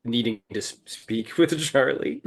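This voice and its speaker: A man's voice: medium pitch, measured pace, creaky. A man, a band musician, answering podcast questions in a laid-back, modest way. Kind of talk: casual interview chat.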